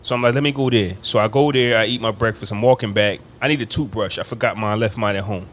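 A man casually telling a long, animated story to friends on a podcast, slipping into quoted voices and laughing along. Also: fairly low pitch, quick pace, slight background noise.

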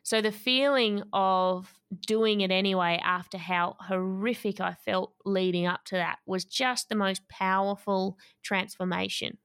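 A woman, a guest telling a personal story in an interview, lively and laughing often. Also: mid-range voice, unhurried, hardly any pauses, clear, resonant tone, no room sound, studio quality.

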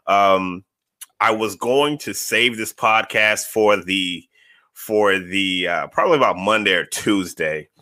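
Male podcast host, low and punchy, dry close sound. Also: takes it slowly, dry recording. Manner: animated, talks to chat viewers, repeats phrases for emphasis. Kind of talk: casual sports podcast talk.

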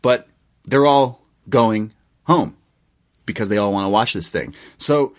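A man's voice: on the low side, measured pace. A man co-hosting a casual movie review podcast, animatedly retelling the plot with casual swearing. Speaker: podcast co-host.

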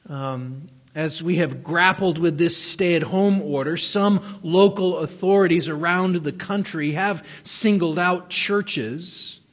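A man's voice: high-pitched, a bit bright, long reverb tail. A man preaching a sermon earnestly, stressing his key words. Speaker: pastor.

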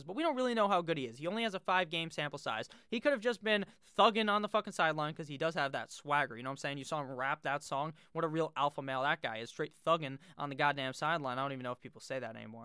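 A man's voice: on the high side, sharp tone, smooth, dry recording, clean studio sound. A young man hosting a fantasy football rankings video, talking casually and brashly, joking and swearing freely.

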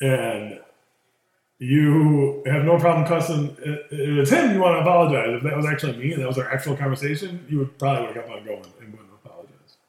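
A man's voice: a little high, a little fast, darkish tone. A man co-hosting a podcast with laid-back, teasing banter. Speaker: podcast co-host. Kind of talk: casual chat. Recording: very echoey room.

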